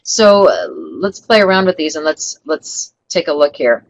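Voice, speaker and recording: Low-pitched middle-aged woman teaching a webinar, upbeat coach vibe, faint hiss behind her. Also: sing-song, unhurried, lo-fi sound. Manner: upbeat coaching tone, acts out sample customer lines. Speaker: webinar trainer. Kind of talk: online training webinar.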